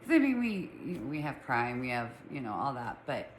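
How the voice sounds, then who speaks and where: A woman's voice: a bass voice, very animated, normal speed, reverberant, a little hiss or hum, poor audio. A middle-aged woman with a Utah accent and a lisp, chatting casually and rambling to her viewers from home. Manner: chatty, rambling, self-teasing. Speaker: vlogger. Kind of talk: casual chat to camera. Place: room at home with pets.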